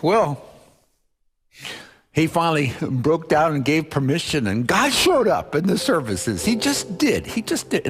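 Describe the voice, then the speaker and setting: A male preacher tells a story in a sermon, his pitch leaping high and dropping low as he acts out each part of the dialogue. His voice sits a little above the usual for a man. Music plays clearly under his voice throughout. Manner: animated storyteller acting out dialogue.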